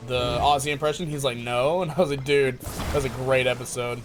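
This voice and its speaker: A man streaming a game live, chatting casually with his viewers, excitable and laughing often. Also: mid-range voice, a little fast, music in the background. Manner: excitable, laughs often, talks to chat by name. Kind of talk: casual live-stream chat while playing.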